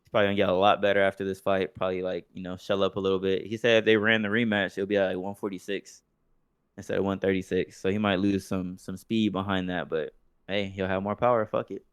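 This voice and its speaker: Young man, low smooth voice, loose profane chat. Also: little pitch movement, fast, no room sound, clean studio sound. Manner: profane, loose storytelling with mocking impressions. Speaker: podcast co-host. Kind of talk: casual chat.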